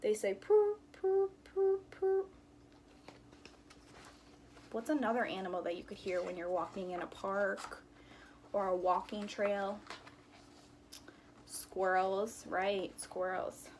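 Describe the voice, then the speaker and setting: A woman's voice: mid-range voice, fairly even intonation, measured pace. Woman teacher reading aloud to young kids, playful with the sound words, mid-range voice, slight background noise. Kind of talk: storybook read-aloud with sound effects.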